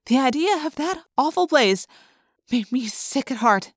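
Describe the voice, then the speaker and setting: A woman narrating a first-person audiobook in a lively, expressive way, speeding up in excited passages. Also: sits high, a little slow, no room sound, studio quality.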